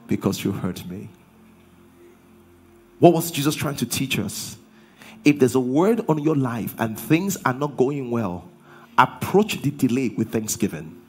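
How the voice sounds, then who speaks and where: A man's voice: on the high side, slightly rough. A man preaching a sermon as pastor. He drives his points home with rhetorical questions and call-and-response.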